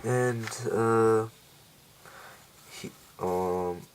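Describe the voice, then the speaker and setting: Low-voiced man rambling through a recap. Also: drawn-out words, a little hiss or hum, rough recording. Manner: rambling, many fillers and self-corrections. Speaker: show reviewer. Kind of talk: casual episode recap.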